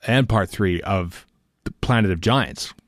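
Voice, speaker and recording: A man with a fairly low voice talks loosely on a podcast, wandering through his thoughts with plenty of "uh"s and restarts. The sound is dry and close, with little room tone. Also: unhurried, dry recording. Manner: rambling, many fillers and restarts. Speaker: podcast co-host. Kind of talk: casual fan podcast chat. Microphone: studio podcast mic.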